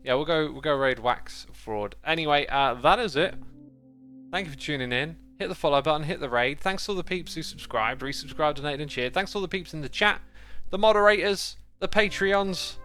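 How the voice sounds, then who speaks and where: Bright, smooth British man streaming a game. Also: fairly high pitch, brisk, soft background music. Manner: playful, jokey, reads chat aloud. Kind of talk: casual livestream chat.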